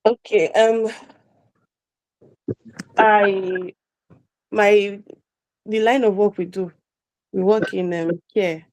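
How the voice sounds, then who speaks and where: A woman's voice: mid-range voice, steady tone, drawn-out words, long pauses, a little mellow, rough recording. A mother asking a workshop question, telling a long story about her children with frequent restarts. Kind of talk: casual question on a call.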